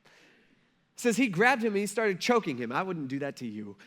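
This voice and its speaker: A man's voice: high voice, very animated, fairly quick, fairly bright tone. A male pastor preaching a sermon in a conversational, emphatic way, often checking in with his listeners.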